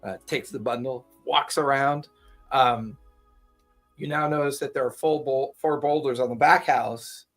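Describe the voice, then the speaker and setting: A man at middling pitch narrates a tabletop adventure as game master. He lays out each scene in steady detail, now and then pausing on an "uh". Soft music plays faintly behind him. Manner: descriptive, steady, with filler uhs.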